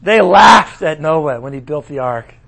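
A middle-aged man delivering a sermon with a fairly high voice. He preaches in an animated way, slipping into the voices of the figures he quotes. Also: a little slow, creaky.

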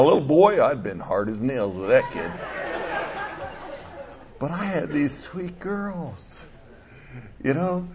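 An older male pastor preaching a sermon, animated, swinging between loud bursts and soft asides. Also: mid-range voice, slight background noise. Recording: dull lo-fi sound.

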